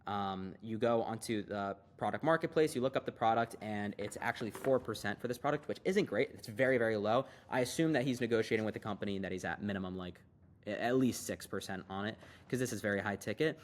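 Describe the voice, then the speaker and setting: A young man giving a casual, hyped screen-share tutorial as an online business coach, talking fast and loose with lots of fillers. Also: lowish voice.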